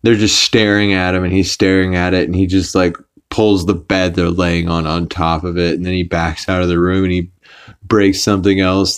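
Deep-voiced man rambling through a recap. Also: clear, resonant tone. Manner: rambling, with fillers and quick put-on voices for quotes. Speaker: podcast host. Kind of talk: casual episode recap.

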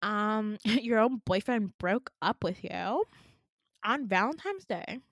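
A bored teenage receptionist girl, as a young woman puts her on, curt and condescending, pitched a bit higher and pushier than a plain speaking voice. The sound is dry and close, with no room around it. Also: lively intonation, slow pace, no room sound. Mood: mocking.

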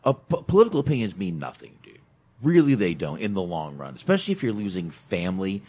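Man, podcast host, casual chat, emphatic, swearing, deep voice, animated. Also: fast, husky. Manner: emphatic, swears, says "dude" a lot.

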